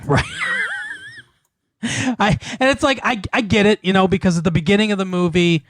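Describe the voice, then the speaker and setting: A man with a fairly high voice tells a film's plot in loose, rambling chat, stumbling through fillers and restarts and laughing often. He swears casually as he goes. The sound is dry and close, with no room echo. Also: quick pace, fairly bright tone. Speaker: podcast co-host.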